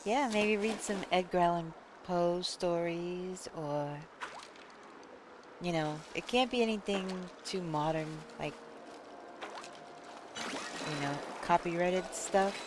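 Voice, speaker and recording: A woman streamer chatting casually, reading chat aloud and thinking out loud. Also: fairly low pitch, slow, long pauses, noisy background.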